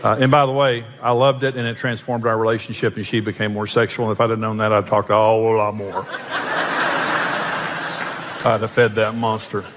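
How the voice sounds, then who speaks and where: A man's voice: lowish voice, little pitch movement, brisk, a crowd in the background. Joking preacher man in a hall. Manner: joking, self-mocking storyteller. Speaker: pastor. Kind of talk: sermon. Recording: long hall reverb.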